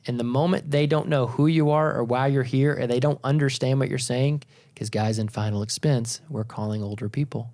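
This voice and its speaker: A man's voice: mid-range voice, steady tone, fairly quick, darkish tone. A man co-hosting a sales podcast, explaining things in an emphatic, instructive way. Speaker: podcast co-host and sales trainer. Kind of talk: podcast discussion.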